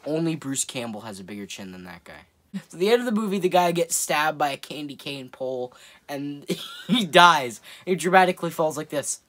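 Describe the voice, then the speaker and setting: A man's voice: fairly high pitch, expressive, brisk, a bit bright. A man giving a casual, rambling movie review, amused, often laughing and swearing.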